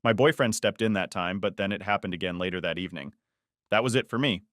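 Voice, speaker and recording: A man narrating first-person stories in an even, unhurried storytelling read. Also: deep voice, dry recording, clean studio sound. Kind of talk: scripted narration.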